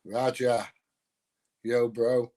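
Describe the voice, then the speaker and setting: A man's voice: medium pitch, flat delivery, drawn-out words, dark tone. A man from North Nottinghamshire with a South Yorkshire accent, chatting casually on a live stream, rambling with many ums and uhs and greeting viewers by name. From North Nottinghamshire, England. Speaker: YouTuber greeting live chat.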